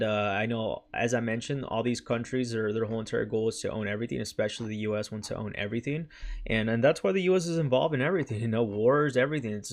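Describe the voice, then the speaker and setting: Heated casual man ranting. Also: mid-range voice. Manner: heated, repetitive, says "right?" and "freaking" often. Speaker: crypto channel host. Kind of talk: casual livestream talk reading viewer chat.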